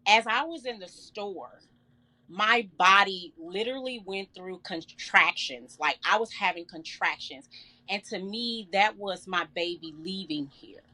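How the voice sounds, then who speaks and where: A middle-aged woman telling an emotional personal story in an interview, earnest and halting with many fillers. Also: medium pitch, lively intonation, pushed and bright. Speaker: guest.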